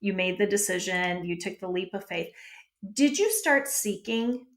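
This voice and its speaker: A woman's voice: medium pitch, animated, a little slow. A woman hosting a podcast, asking her guest questions in a curious way and laughing easily. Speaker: podcast host. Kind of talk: interview questions.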